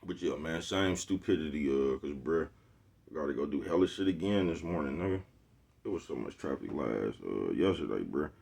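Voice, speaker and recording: Bay man, very low voice, loose slangy vlog rant, looping back on himself. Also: expressive, normal speed, creaky, darkish tone. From Oakland, California. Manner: slangy, rambling, keeps asking "you know what I'm talking about". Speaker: vlogger. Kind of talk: casual monologue to camera. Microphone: phone with Bluetooth earpiece.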